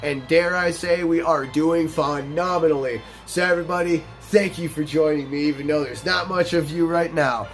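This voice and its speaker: Animated, cursing male gaming storyteller. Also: a little high, normal speed, hardly any pauses, faint music behind. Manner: animated, profane storyteller who acts out quotes. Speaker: let's play host. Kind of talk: storytelling over gameplay commentary.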